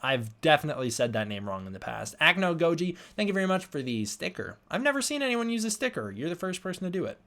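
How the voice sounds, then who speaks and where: A man's voice: on the high side, big pitch swings, fast, hardly any pauses, sharp tone. Young male streamer, tired, rambling casual chat with viewers. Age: young adult. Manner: rambling, reads and answers chat. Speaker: livestream host.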